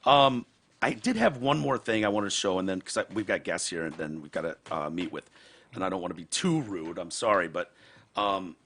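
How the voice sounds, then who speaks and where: A man's voice: low-pitched, animated, fairly quick, a bit bright. A man hosting a podcast, telling a profane story in casual chat. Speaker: podcast host.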